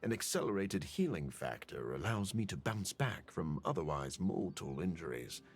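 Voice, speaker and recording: An actor voicing a calm male scientist vampire in a video game, with a deep, measured, clinical delivery.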